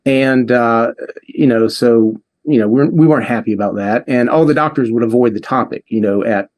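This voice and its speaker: A man guest in an interview, earnestly telling a long personal story with halting restarts. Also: medium pitch, a little mellow. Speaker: interview guest, device developer.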